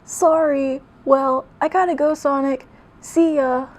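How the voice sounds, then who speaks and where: A woman voicing a chipper, squeaky young male fox sidekick while reading her old fan fiction aloud. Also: fairly even intonation, takes it slowly, low-quality recording. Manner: chipper, high-pitched.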